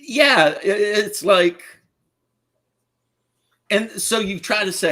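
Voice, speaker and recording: A man's voice: sits high, slow pace, pauses often, sharp tone. A middle-aged man, a podcast host, giving his opinions in a blunt, crude, casual chat and laughing at his own stories.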